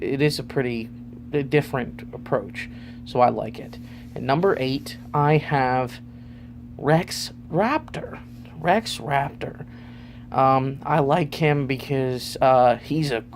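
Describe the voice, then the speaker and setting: Male vlogger, gravelly, rambling and informal. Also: medium pitch, a little hiss or hum. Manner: rambling, loose, lots of fillers. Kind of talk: casual vlog ranking.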